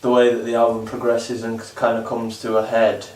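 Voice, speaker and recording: A man's voice: medium pitch, completely flat delivery, fairly quick, faint music behind. A man enthusing about albums in a casual vlog chat, earnest and rambling. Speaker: vlog co-host reviewing albums. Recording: roomy sound from a distant mic.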